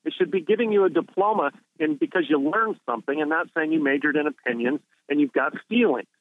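A man speaks down a thin, tinny phone line, his voice sitting slightly high. He argues emphatically and in a preacherly way, stacking phrase upon phrase. The sound is dry, with no room around it. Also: fast talker, no echo. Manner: emphatic, preacherly, builds points through repetition. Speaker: university president, guest. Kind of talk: phone-in radio interview. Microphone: telephone.

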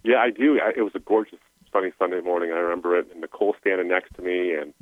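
A man's voice: deep voice, fairly even intonation, quick pace, no room sound. A middle-aged man telling his personal story as a guest, earnest and emotional, over a tinny phone line. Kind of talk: personal testimony.

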